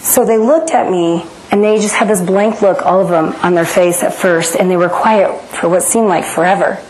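A woman's voice: on the low side, normal speed, a little mellow, slight background noise, poor audio. Earnest woman telling her story. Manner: earnest, dramatic retelling that acts out inner voices. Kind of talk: personal testimony storytelling.

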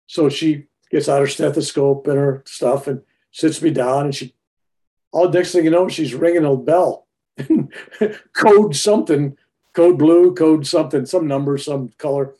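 A man in his seventies telling a personal story in a rambling, animated way, often restarting his sentences. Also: fairly high pitch, a little slow. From United States.

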